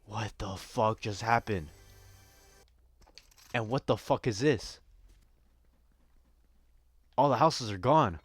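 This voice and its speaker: A man's voice: fairly low pitch, slow, pauses often, slightly rough, dry recording, faint music behind. A man giving casual gameplay commentary, rambling and joking crudely with a lot of swearing. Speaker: gaming streamer.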